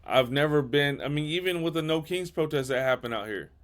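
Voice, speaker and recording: A man's voice: fairly high pitch, fairly quick. A man holds forth on a casual podcast, blunt and profane. He stumbles through repeated restarts before getting his point out. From California. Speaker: podcast host.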